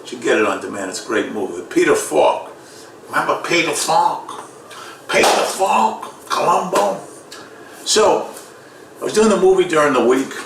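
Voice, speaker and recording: A man's voice: on the low side, creaky. A man with a Boston accent doing a sarcastic stand-up comedy routine. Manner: sarcastic, deadpan delivery with loud mock voices. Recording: echoey room, distant mic, faint noise.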